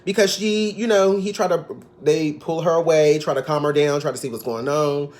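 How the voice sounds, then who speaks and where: Man, recap vlogger, sassy gossip, slightly high voice, casual chat. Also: steady tone, moderate pace, darkish tone.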